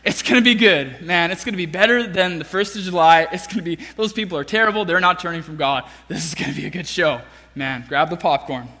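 A man's voice: on the high side, quick pace, bright, forceful tone, pitched below the performer's own voice. A man voicing a frustrated, bitter male prophet who talks sarcastically and gloats. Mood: gloating. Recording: long reverb of a large hall.

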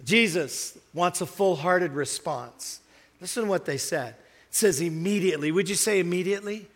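Storytelling pastor in a reverberant hall. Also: male voice, high-pitched, normal speed. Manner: storytelling, rising to emphatic exhortation. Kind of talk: sermon. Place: church hall.

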